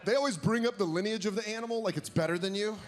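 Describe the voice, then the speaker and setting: A young man doing a profane, animated stand-up routine on stage, jumping into exaggerated quoted voices. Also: sits high, fast. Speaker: stand-up comedian. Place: stage before a live audience. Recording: live show with audience noise.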